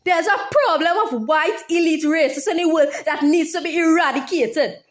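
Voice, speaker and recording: A woman with a high, bright-pitched voice delivers a heated vlog monologue. She is profane and insistent and keeps circling back to the same phrases, hammering them again and again. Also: moderate pace. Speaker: YouTuber. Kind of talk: impassioned monologue.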